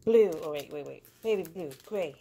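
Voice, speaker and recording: A woman with a lowish, gravelly voice talks through an unboxing in a loose, chatty way, full of fillers. Loud crinkling and rustling of packaging sits right under her voice. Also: expressive, moderate pace, background noise. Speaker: crafting vlogger. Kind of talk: casual unboxing chat.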